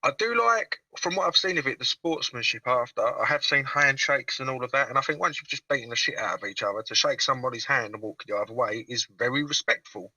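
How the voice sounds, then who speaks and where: A cheeky man banters on a video call, swearing and mocking himself. His voice is very bright and forceful, and it sounds a little distant from the mic. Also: mid-range voice, lively intonation, fast, hardly any pauses, husky, dry recording. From England. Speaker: guest caller.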